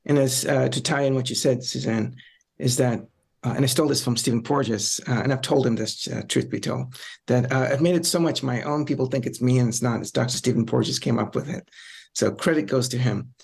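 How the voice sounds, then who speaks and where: A man's voice: medium pitch, brisk, gravelly, a little mellow, breathy edge. A middle-aged man, a psychologist on a discussion panel, explaining in a reflective, conversational way with frequent ums and repeated phrases.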